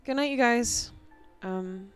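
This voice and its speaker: A young woman in a tabletop game session, speaking softly in character and narrating her character's actions. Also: fairly high pitch, clear, resonant tone, soft background music. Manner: slow, soft, storytelling. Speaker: player. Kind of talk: in-character tabletop play and storytelling.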